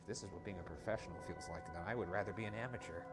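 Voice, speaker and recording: A young man hosting a ghost-hunting show, exploring a dark old house alone and muttering nervous, sarcastic remarks. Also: deep voice, very fast, over music. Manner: anxious, muttering, grumbling sarcastically. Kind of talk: nervous solo exploring commentary.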